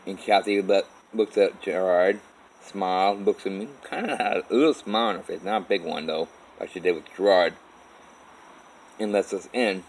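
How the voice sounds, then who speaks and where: A man telling his own life story in a halting, rambling way, with many restarts. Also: low-pitched, steady tone, slight background noise, low-quality recording. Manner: halting, with restarts and repeated "all of a sudden". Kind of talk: rambling first-person storytelling.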